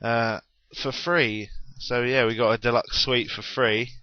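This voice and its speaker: A man's voice: mid-range voice, fairly even intonation, unhurried, dry recording, lo-fi sound. A young man chatting unscripted in a rambling, self-deprecating way on his gaming vlog. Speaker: gaming vlogger.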